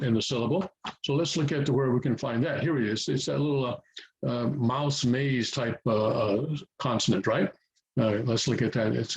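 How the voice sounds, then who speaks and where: A native English-speaking man giving a language lesson, repeating himself often and pausing with fillers as he explains. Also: medium pitch, gravelly, a little hiss or hum, low-quality recording. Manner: repeats words, many fillers and restarts. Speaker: language teacher. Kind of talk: explaining at a whiteboard-style lesson.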